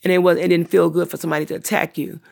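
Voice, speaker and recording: A woman's voice: fairly low pitch, little pitch movement, rapid-fire, vocal fry, a little mellow. A middle-aged woman hosting her own livestream, talking at length in a blunt, profane, long-winded way. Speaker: channel host livestreaming. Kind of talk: unscripted livestream rant.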